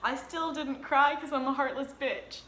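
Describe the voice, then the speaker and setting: A young woman vlogger telling a story to camera in a casual, animated way, acting out her own reactions and swearing freely. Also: high-pitched, moderate pace, roomy sound, slight background noise.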